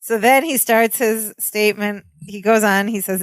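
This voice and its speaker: A woman's voice: mid-range voice, steady tone, moderate pace, no echo. A woman co-hosting a podcast, casually recapping a sitcom episode and retelling scenes line by line. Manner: chatty, retells scenes with quoted lines. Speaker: podcast co-host.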